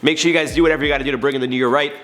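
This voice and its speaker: A man's voice: on the high side, steady tone, racing, background noise. A man hosting a casual online news commentary show, chatty and opinionated as he talks through the story. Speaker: YouTube news commentary host.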